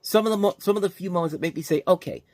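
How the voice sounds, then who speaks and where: Man, movie review host, exasperated rant, higher voice, dry close sound. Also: rapid-fire, dry recording. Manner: exasperated, animated ranting with restarts.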